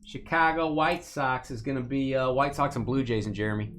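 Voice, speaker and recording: A man's voice: medium pitch, a little fast, a bit bright, a little hiss or hum. A man hosting a live sports card break, reading out hits and teasing viewers by name in a joking, casual way.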